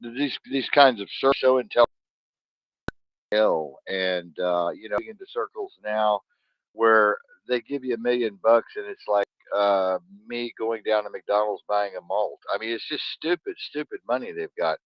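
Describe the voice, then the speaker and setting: A man's voice: lowish voice, moderate pace, dry recording, dull audio. Rambling, profane male podcast host. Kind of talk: casual podcast chat.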